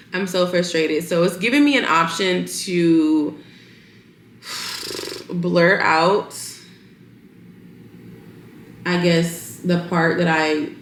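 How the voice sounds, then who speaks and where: A woman's voice: lowish voice, a bit bright, a little hiss or hum. A young woman vlogger chatting casually to camera from her bedroom, exasperated and ranting to her viewers. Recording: roomy echo.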